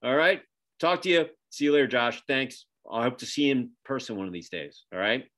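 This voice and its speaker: A middle-aged man brings a casual interview to a close in a brisk, fairly bright mid-range voice. As podcast host and magazine publisher, he records from his home office via video call and rambles, full of fillers and restarts.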